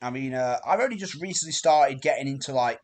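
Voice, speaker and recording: A man's voice: medium pitch, fast talker. A man hosting a casual podcast chat, hesitant, with many fillers and restarts. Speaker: podcast host.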